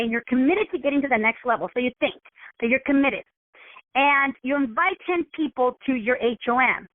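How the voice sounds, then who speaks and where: A woman wellness coach giving a motivational coaching talk, constantly checking in with her listeners and acting out scenarios in animated voices. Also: high-pitched, dry recording. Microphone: telephone. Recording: tinny phone line.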